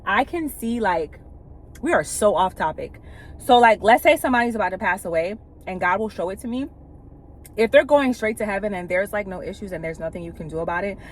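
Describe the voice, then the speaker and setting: A woman's voice: mid-range voice, a little hiss or hum. Candid woman telling stories in a car. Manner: candid and emphatic, with casual profanity; retells scenes by acting out quoted speech. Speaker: vlogger sharing spiritual experiences. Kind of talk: casual storytelling monologue.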